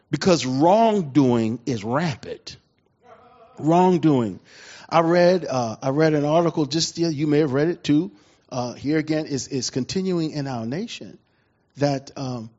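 A middle-aged male pastor preaches with a high, swooping voice that climbs and drops all through his sentences. He talks to the congregation conversationally and acts out the voices in his stories. The recording sounds dull and lo-fi. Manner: lively, conversational preaching with dramatic quoted voices. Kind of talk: sermon.

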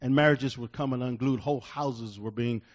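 A middle-aged male pastor preaching a sermon, building to loud emphatic bursts and slowing down to read verses. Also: medium pitch, dull audio.

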